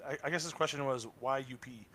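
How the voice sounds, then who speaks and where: Bright-voiced man on a loose, casual podcast. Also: mid-range voice. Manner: repeats "right, right" in quick agreement; loose, joking, laughs often. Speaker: podcast co-host. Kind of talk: casual live podcast chat.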